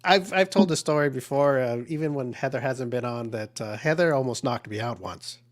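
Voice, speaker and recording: A man's voice: medium pitch, brisk. A man hosting a casual podcast interview who rambles and teases, with lots of "uh" and false starts. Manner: rambling and teasing, full of fillers and restarts. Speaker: podcast host.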